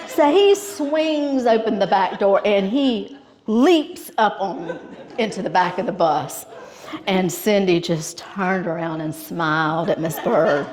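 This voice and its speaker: A woman's voice: mid-range voice, unhurried, darkish tone. A woman with a Georgia Southern accent presenting awards at a banquet, telling a humorous story and often laughing. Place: school banquet hall with an audience. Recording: audience laughter in a hall.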